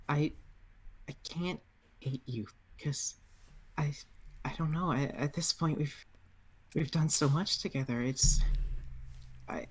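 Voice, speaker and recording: Brief: very deep-voiced woman as a terrified young man, halting speech, slow, tabletop game. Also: darkish tone, exaggerated voice. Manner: halting, stammering restarts. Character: frightened young man facing death, halting.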